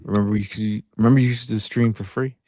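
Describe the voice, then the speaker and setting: A man's voice: fairly low pitch, steady tone, quick pace, dark tone, no echo, clean studio sound. A man hosting a live sports talk stream, chatting casually and reading out viewer comments. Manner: laid-back, reads out chat comments. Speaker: podcast host. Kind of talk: casual chat.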